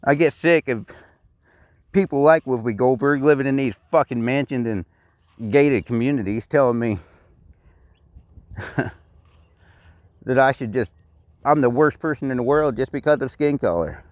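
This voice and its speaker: Repeated complaints fill this blunt, profane personal rant from a middle-aged vlogger from Texas with a Texan accent. He speaks at medium pitch and a measured pace, leaving long pauses; there's no echo, and the recording has a dry, dull lo-fi sound.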